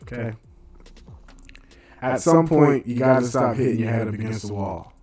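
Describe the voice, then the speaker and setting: A man's voice: medium pitch, normal speed, darkish tone. A man hosting a radio show, delivering a blunt casual monologue in street slang full of rhetorical questions.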